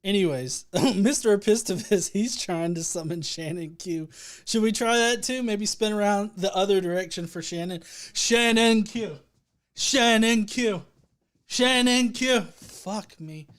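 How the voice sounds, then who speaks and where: A man's voice: sits high, moderate pace. Profane joking male livestream host. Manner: joking, profane, rambling with restarts; reads out viewer comments and thanks. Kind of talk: casual livestream chat.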